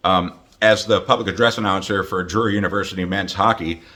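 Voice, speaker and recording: A man's voice: sits low, fairly even intonation, fairly quick, bright, forceful tone. A man in his fifties chatting to camera in a joking vlog, teasing and playful, with plenty of fillers and asides. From United States. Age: 50s. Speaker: hockey announcer making a greeting video.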